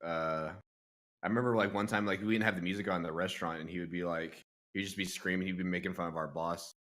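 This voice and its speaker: A man's voice: low voice, fast. A young man co-hosting a podcast, telling stories in casual chat and acting out the people he quotes, laughing often. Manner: animated storyteller, acts out quotes, laughs often. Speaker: podcast co-host.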